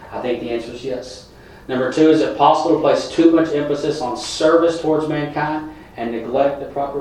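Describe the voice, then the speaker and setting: A man preaches in an easy, conversational way, speaking directly to his congregation. His voice sits at an ordinary middle pitch. It is recorded from some distance in a church hall with heavy echo and a faint hum behind it. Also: a little mellow. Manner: plain conversational preaching, talking straight to the congregation. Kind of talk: sermon. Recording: very echoey room, from a distance.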